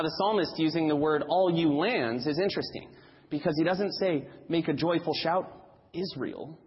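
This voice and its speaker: A man's voice: on the high side, long reverb tail, muffled recording. A man preaching a sermon in a church, emphatic and repeating key phrases for stress.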